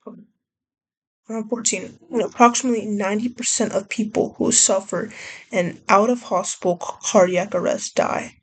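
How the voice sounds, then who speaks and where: A woman's voice: mid-range voice, normal speed, husky. A young woman vlogger rambling casually, often trailing off and restarting her thoughts. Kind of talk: casual chat.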